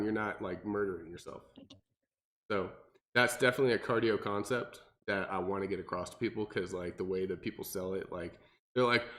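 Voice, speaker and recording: A man, a personal trainer co-hosting a podcast, talking casually and animatedly with lots of fillers and restarts. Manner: animated, mimics people in exaggerated high voices, many fillers and restarts.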